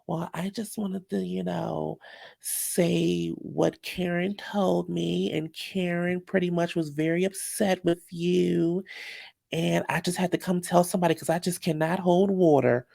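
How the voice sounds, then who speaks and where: A man putting on the voice of a gossipy reality-show woman who can't keep quiet, talking slowly and breathily. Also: high voice, fairly even intonation, vocal fry, no room sound, clean studio sound, pitched above the performer's own voice, heavily acted.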